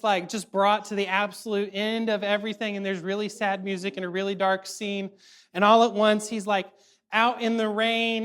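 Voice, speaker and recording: A man giving a casual youth sermon, animated and chatty, full of fillers and quick check-ins with his audience. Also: high-pitched, clean tone. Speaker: youth ministry speaker.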